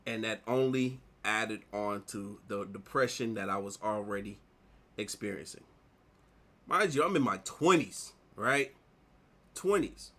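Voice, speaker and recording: Man, 30s, casual artist vlogger; loose storytelling with lots of fillers, crisp bright tone. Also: lowish voice, measured pace. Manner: rambling, animated retelling with repeated "like". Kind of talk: casual storytelling while drawing.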